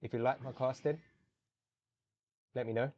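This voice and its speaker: A young male esports caster calling a match alone in a chatty, easygoing voice of middling pitch. On big plays he leaps into loud, high-pitched exclamations, and between plays he rambles and corrects himself. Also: steady tone, normal speed, dull audio. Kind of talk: solo live game commentary.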